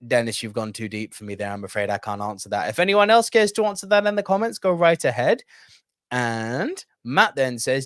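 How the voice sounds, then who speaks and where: Animated male movie reviewer, dry close sound. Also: fairly high pitch, fairly quick, dry recording. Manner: chatty, animated, reading viewer comments. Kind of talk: casual video review.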